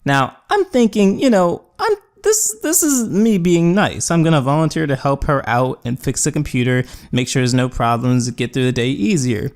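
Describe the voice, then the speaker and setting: A man's voice: fairly high pitch, lively intonation, normal speed, few pauses. Young man telling a rambling story. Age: young adult. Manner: casual, rambling, with fillers and acted quotes. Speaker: gaming YouTuber. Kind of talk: storytelling over gameplay.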